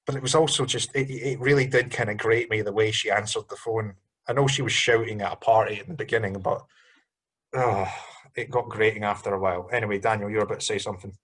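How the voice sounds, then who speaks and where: Husky-voiced man hosting a film podcast. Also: fairly low pitch, steady tone, fast talker, fairly bright tone. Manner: rambling, frequent ums and restarts. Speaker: podcast host. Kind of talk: casual film review chat.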